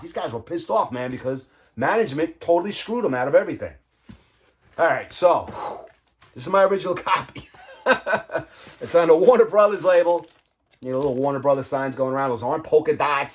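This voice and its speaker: A man casually chatting about his record collection, enthusiastic and rambling, humming riffs and often saying "man.". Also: on the high side. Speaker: vinyl collector vlogger. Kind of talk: casual chat showing records.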